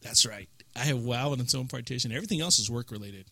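A man co-hosts a relaxed gaming podcast, talking in a chatty, rambling way. His voice has a bright, forward tone of medium pitch. The studio sound is dry and close. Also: fast, dry recording. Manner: chatty, rambling gamer talk. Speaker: podcast co-host. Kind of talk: casual chat.

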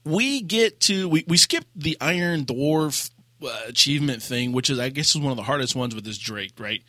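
A man co-hosting a casual gaming podcast, telling a raid story with lively acted-out quotes and laughter. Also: medium pitch, normal speed, dry recording, clean studio sound. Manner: animated storyteller, acts out quotes. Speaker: podcast co-host.

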